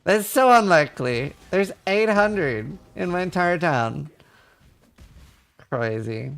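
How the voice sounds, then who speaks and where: A man's voice: high-pitched, expressive, slow, gravelly, a bit bright. A man from Norway in his thirties, chatting casually with viewers while gaming, reading their questions aloud and swearing now and then. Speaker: livestreamer.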